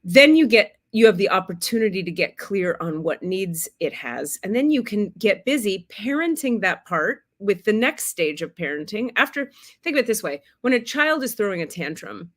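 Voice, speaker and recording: Woman, spiritual teacher, casual livestream talk; frank, expressive, swears, acts out quotes. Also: medium pitch, normal speed. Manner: plays out quoted voices of a child and a parent.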